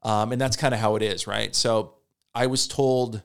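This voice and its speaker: A man with a gravelly, fry-edged voice that sits on the low side chats in a loose podcast style. He rambles, doubles back on his words and curses freely, slipping into quick quoted asides. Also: fairly even intonation. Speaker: stand-up comedian. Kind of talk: casual podcast chat.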